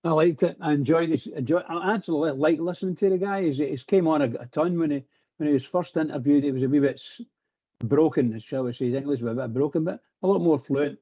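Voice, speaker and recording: Husky Scottish caller, mellow and muffled. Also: male voice, on the high side, fast talker. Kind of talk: phone-in chat.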